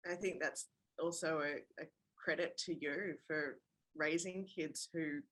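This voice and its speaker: An interviewer asking gentle questions and affirming the guest's answers. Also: mid-range voice, fairly even intonation, measured pace, rough recording.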